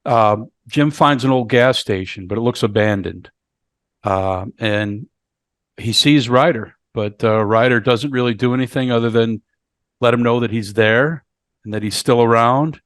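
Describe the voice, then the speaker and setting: Male podcast co-host, halting plot recap, mid pitch, dry close mic. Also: a bit bright, dry recording. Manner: halting, repeats words while recapping the plot. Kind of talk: casual movie review chat.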